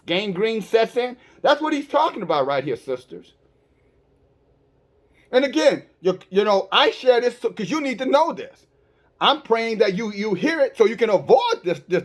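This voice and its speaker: A man's voice: high-pitched, sing-song, moderate pace. A man preaching an online sermon, talking straight to his listeners with rhetorical questions and many stammered restarts. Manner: emphatic, with frequent stammered restarts.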